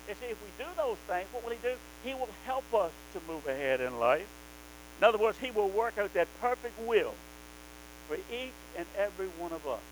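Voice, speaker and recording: Male preacher, high voice, emphatic sermon delivery, faint mains hum behind. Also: low-quality recording. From American South. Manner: fervent, emphatic, rising to loud exhortation.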